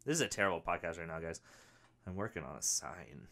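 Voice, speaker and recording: A man's voice: quick pace, creaky. A young man hosting a comedy podcast, rambling through a story and acting out the other people in it. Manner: animated, acts out quoted voices with big pitch jumps. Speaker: podcast host. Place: home studio with a whiteboard.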